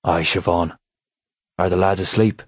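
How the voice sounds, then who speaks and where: A man voicing a furious father who speaks in an angry, gruff way in an audiobook. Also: low-pitched, fairly even intonation, unhurried, no room sound, clean studio sound. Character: furious fairy father, fierce grown man.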